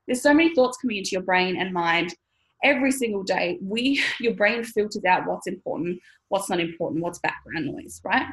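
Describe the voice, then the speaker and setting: A woman's voice: mid-range voice, animated, moderate pace, fairly bright tone, low-quality recording. A woman in her thirties, talking casually to camera as a money mindset coach, chatty, laughing often and swearing now and then.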